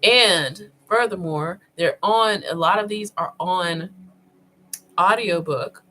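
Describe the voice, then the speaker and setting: A woman vlogger thinks aloud in an unhurried, meandering way, full of pauses and fillers. Her voice sits a little low, and she chats straight to her viewers. There's a faint hum of room noise behind her. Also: bright, forceful tone, low-quality recording. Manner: addresses viewers informally. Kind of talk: casual talk while browsing online.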